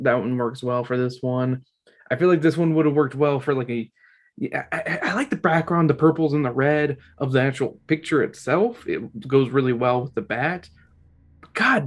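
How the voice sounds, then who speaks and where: A man giving a casual, rambling review with frequent restarts and casual swearing, recorded at home in an apartment. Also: fairly high pitch. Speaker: book club host ranking covers.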